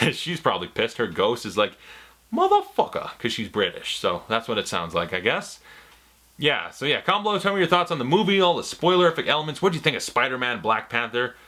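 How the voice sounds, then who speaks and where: A young man rambling excitedly and swearing freely in a casual movie review vlog. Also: mid-range voice, a little fast.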